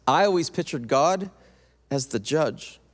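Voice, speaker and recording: A man preaching a sermon with an animated delivery, swinging from lively emphasis to a soft, intense tone. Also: fairly high pitch, measured pace, in a large hall. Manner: animated, acts out quoted voices, drops to soft intense tone.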